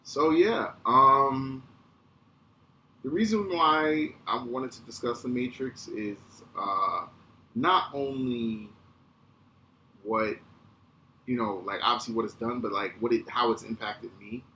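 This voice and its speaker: A man in his thirties hosting a podcast, telling a casual, animated, profane story. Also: mid-range voice, slow pace, long pauses. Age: 30s. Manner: animated, profane, acts out quotes. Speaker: podcast host. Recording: echoey room with faint ambient noise.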